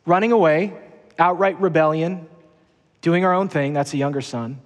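A man's voice: on the high side, moderate pace, big-room sound. A man preaching a sermon as pastor in a large church auditorium, earnest and emphatic, repeating his key phrases.

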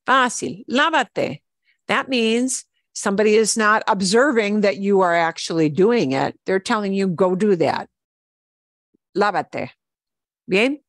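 A woman teaching a Spanish lesson, patiently repeating words slowly for her students. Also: mid-range voice, sing-song, no room sound, studio quality. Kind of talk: online language lesson.

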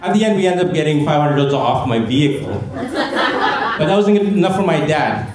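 A man performing a stand-up comedy set on a gala stage, telling stories in a deadpan way and mimicking family members' voices. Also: a little high, moderate pace, a crowd in the background. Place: gala stage before a laughing audience. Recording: echoey hall with audience noise.

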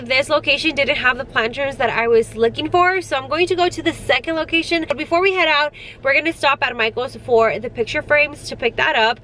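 A woman's voice: sits high, a bit bright, a little hiss or hum. A young woman vlogging about her family in casual chat, with a stuffy nose and lots of "like" and "guys".

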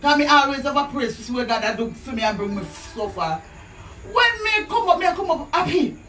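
A high-voiced Jamaican woman tells her story in lively, rambling patois, often restarting her sentences. She sounds some way off the mic in an echoey room. Faint music plays underneath. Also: fairly quick, distant mic. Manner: animated, rambling, speaks in patois with many restarts. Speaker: storyteller telling her side of a dispute. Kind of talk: casual spoken storytelling.

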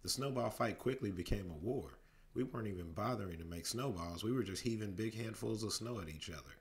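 Low-voiced dad reading a bedtime story. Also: male voice, brisk. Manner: steady narration with lively character voices. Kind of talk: storybook read-aloud.

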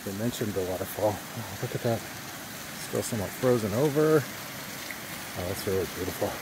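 A man's voice: lowish voice, lively intonation, a little fast. An older man vlogging a hike, short of breath and thinking aloud with lots of fillers, recorded outdoors on a camera. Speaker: hiking vlogger. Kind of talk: casual vlog narration. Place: outdoors on a wooded trail by a stream. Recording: noisy outdoor camera audio. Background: running water and nature ambience.

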